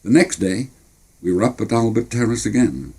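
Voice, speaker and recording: An older storyteller with a Cornish accent, recalling his childhood in a wry, plainspoken way. His voice is dark, husky and lively in its rise and fall. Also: lowish voice, moderate pace. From Cornwall. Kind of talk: storytelling memoir narration.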